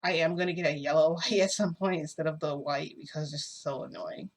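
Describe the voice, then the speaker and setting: A woman telling a long story to her camera in a rambling, animated way, with lots of fillers, filmed indoors at home. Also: sits low, fairly quick. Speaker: vlogger. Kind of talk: casual storytelling vlog. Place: indoors at home under a bright light.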